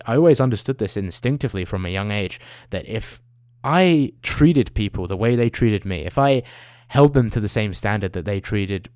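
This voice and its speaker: Low-voiced young man, ranting. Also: no room sound, studio quality. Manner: animated, swears a lot, trails off into tangents. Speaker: vlogger. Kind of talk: profane rambling rant.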